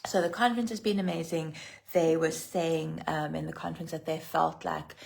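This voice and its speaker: A middle-aged South African woman with a loud voice and a low, gravelly tone, talking straight to her webcam. She rambles in a casual livestream devotional, laughs often and picks up viewer comments as she goes. The fry in her voice is always there. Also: fairly even intonation, normal speed. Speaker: pastor and prophetic minister.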